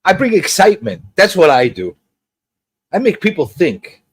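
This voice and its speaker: A man hosting a casual pop culture livestream, teasing his guest and chatting in an animated way. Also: normal speed, slightly rough, no echo. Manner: animated and teasing, jumps between high and low.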